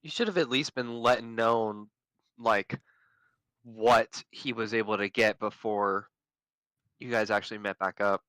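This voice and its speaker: A man's voice: on the low side, steady tone, a little slow, a bit bright, no room sound, poor audio. A man co-hosting a stream, skeptical and questioning in casual chat. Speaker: co-host.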